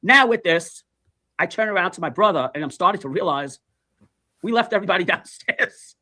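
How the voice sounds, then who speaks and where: Casting: rapid-fire male storyteller, profane, animated, voices every character. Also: high-pitched. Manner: animated storytelling, acts out dialogue, swears, laughs mid-sentence. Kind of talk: casual anecdote.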